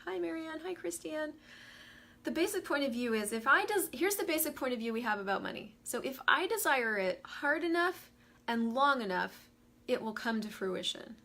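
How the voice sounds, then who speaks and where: A woman talks casually on a live stream, animated and quick to greet viewers by name. Her voice sits a little high and rings very bright and forward. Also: gravelly. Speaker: host of a live money talk.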